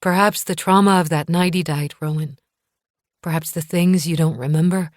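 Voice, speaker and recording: An anxious aging mother, fretful and unsure of her own memory, as a woman narrator reads her. Her voice sits low, recorded dry and close. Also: fairly even intonation, moderate pace, no room sound, close to an everyday voice.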